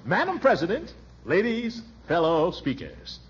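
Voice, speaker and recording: Pompous flustered official, stammers, chuckles, voice bounces all over, muffled old radio sound. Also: male voice, sits high, huge pitch swings, a little slow, full character voice. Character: blustering flustered middle-aged male official. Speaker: pompous small-town official. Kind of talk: 1940s radio acting. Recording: dull old radio recording.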